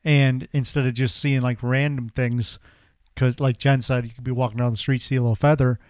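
Male co-host, relaxed and thoughtful, dry close sound. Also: mid-range voice, brisk, clear, resonant tone, no echo. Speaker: podcast co-host. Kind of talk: casual podcast chat.

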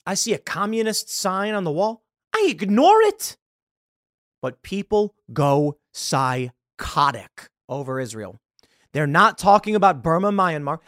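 A man's voice: high voice, a bit bright, no room sound, clean studio sound. A man hosting a podcast, delivering an exasperated opinion rant with frequent laughs and repeated words. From United States. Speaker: podcast host.

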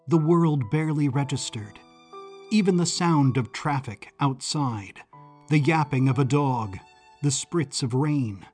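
A man's voice: mid-range voice, darkish tone. A man narrating an audio drama in the first person, brooding and confessional.

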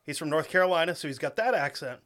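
A man's voice: a little high, lively intonation, quick pace, fairly bright tone. A man, co-hosting a podcast, bantering and joking with casual swearing. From New England. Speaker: podcast co-host.

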